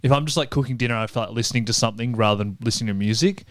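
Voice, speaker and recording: A man's voice: mid-range voice, racing, no echo. Wry man, dry delivery. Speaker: podcast co-host. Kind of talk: casual podcast banter.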